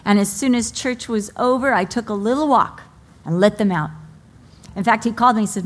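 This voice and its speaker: A middle-aged woman preaching a sermon. She speaks with emotion, mixes stories about her children into her teaching, and slows down to stress key phrases. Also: fairly high pitch. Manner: slow, deliberate emphasis on key phrases.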